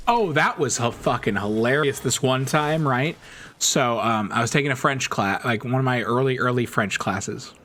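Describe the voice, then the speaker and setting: A man's voice: medium pitch, moderate pace, sharp tone, a little hiss or hum. A man streaming a game, telling stories in a rambling, chatty way and laughing often. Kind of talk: casual chat while gaming.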